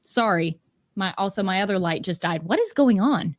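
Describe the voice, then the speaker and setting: A woman's voice: medium pitch, animated, normal speed, no echo, clean studio sound. A woman streamer giving sarcastic, incredulous reaction commentary, swearing casually as she picks apart what she reads.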